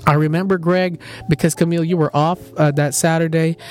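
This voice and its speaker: A man's voice: fairly high pitch, little pitch movement, a little fast, faint music behind. A young man hosting a podcast, animatedly telling a dream story with laughs, casual chat among friends. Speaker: podcast host.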